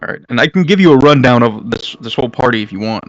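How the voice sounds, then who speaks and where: A man's voice: mid-range voice, animated, fast, no room sound, muffled recording, lightly acted. Man doing a chatty little kobold. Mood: laid-back. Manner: easygoing, rambling with fillers. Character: small green male kobold, chatty know-it-all student.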